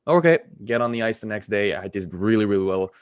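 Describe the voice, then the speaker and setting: A man in his twenties from Montreal, a college goalie telling his hockey story in a casual, animated way with quick asides and corrections. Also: lowish voice, clean tone, no room sound, lo-fi sound. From Montreal, Quebec, Canada.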